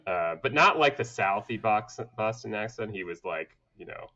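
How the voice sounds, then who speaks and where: A man who grew up in Atlanta, a guest on a podcast, telling stories about his life in a relaxed, conversational way and laughing often. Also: lowish voice, moderate pace, dull audio. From United States (grew up in Atlanta). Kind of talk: casual conversational storytelling.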